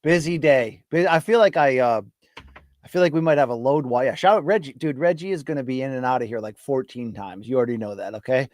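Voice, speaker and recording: Speaking fairly quickly in a mid-range, slightly mellow voice, a middle-aged podcast host from the US East Coast rambles casually on a solo livestream. He's chatty and self-deprecating, hyping up his chat, using a studio mic in his home studio with no echo.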